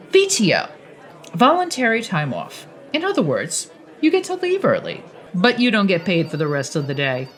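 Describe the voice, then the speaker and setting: A woman narrating her own audiobook in first person, expressive and conversational. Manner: expressive, swings pitch widely for dialogue.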